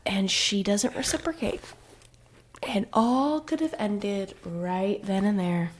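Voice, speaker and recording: Woman co-host, unhurried delivery, sarcastic and swearing, laughs a lot, casual book chat. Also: medium pitch, a little hiss or hum. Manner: sarcastic, profane, laughing often. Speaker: podcast co-host.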